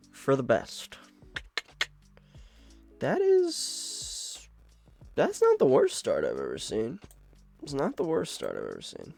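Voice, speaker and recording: A man's voice: a little high, creaky. A young man giving casual live commentary while he plays a card game, talking to himself, swearing and laughing at his luck. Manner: animated self-talk, swears, laughs at his own luck. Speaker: card game content creator.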